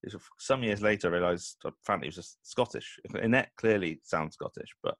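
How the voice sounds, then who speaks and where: A man's voice: on the low side, fast, fairly bright tone, no room sound. A man hosting a nerdy sitcom podcast, chatting with enthusiasm and a fan's eagerness. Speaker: podcast host. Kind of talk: casual interview chat.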